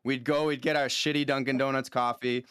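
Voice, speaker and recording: A man's voice: mid-range voice, level tone, a little fast, fairly bright tone, smooth, no echo, studio quality. A man, a podcast guest, ranting bluntly and swearing freely in casual chat. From Boston area, USA.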